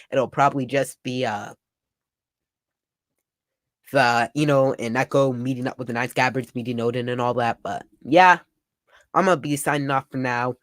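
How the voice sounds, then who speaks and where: Excitable young man reacting to a comic. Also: medium pitch, no echo. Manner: excitable, summarizing panels with frequent "like". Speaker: manga reaction youtuber. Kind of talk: casual live reading and reaction.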